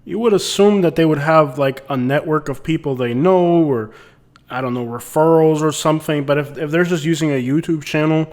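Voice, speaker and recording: A man's voice: a little high, normal speed, a little mellow. Man giving wry casual advice. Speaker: host. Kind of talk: comic advice video.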